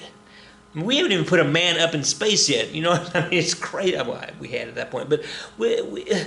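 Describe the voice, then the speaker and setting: A man's voice: on the high side, expressive, normal speed, creaky, pushed and bright, echoey room. Chatty middle-aged male history teacher. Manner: chatty, joking asides, self-corrections. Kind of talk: casual recorded lesson.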